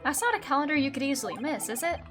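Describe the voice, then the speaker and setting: A woman's voice: high voice, sing-song, racing. A woman streamer chatting casually and reacting aloud while playing a video game. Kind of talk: casual gameplay commentary. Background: game music.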